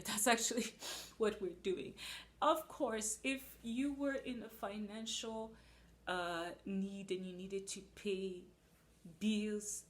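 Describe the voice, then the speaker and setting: A woman's voice: medium pitch, steady tone, slow pace. A woman preaching a sermon, earnest and emphatic, acting out little asides.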